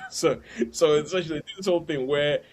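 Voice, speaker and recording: A man's voice: fairly high pitch, a little fast, darkish tone. A man hosting a podcast, chatting casually about films and laughing between points. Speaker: podcast host. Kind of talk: casual film review chat.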